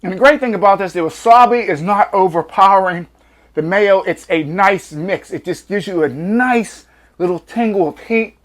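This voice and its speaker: A man's voice: high voice, normal speed, a bit bright. A man hosting a home cooking vlog, hyped and slangy, drawing out catchphrases while taste-testing in his kitchen. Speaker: cooking show host.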